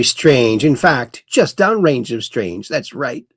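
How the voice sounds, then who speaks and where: A man's voice: medium pitch, sing-song, takes it slowly, hardly any pauses, husky, no room sound, clean studio sound. A man hosting a casual livestream, rambling and reading viewer comments aloud. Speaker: host.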